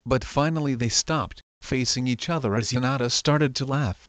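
A man narrating a fan fiction story in a steady, even reading voice. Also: medium pitch, moderate pace, few pauses, no room sound. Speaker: fanfiction reader. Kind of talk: scripted narration.

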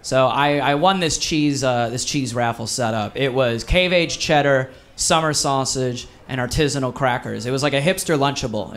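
Audience laughter fills a live comedy venue as a Wisconsin stand-up performs his set. The man's voice sits at a medium pitch, and he spins an upbeat, animated story complete with acted-out voices.

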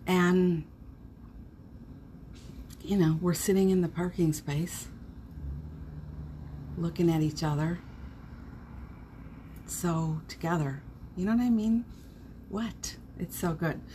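A middle-aged woman chats through a morning live stream, greeting each viewer by name with gushing warmth. Her voice sits low and she talks at a slow, drawn-out pace. A faint hum of noise sits behind her. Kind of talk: casual live-stream chat.

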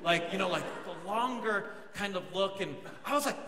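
A man's voice: sits high, moderate pace. A young man, a pastor, telling a self-mocking comic story during a sermon in a large church hall. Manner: animated, self-mocking storytelling with quoted asides. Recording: echoey hall, audience noise.

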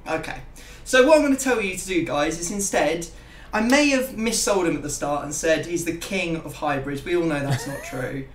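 A man's voice: fairly high pitch, expressive, normal speed, few pauses, far from the mic, slight background noise. Chatty man, echoey room. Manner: rambling, self-mocking banter. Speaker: YouTube gaming host. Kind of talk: casual gaming chat.

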